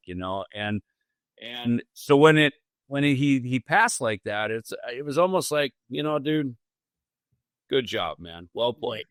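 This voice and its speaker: A man's voice: medium pitch, a bit bright, clean tone, no echo. A man hosting a podcast, recounting a memory in a loose, rambling way full of "you know" asides. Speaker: podcast host. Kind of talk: casual conversational storytelling.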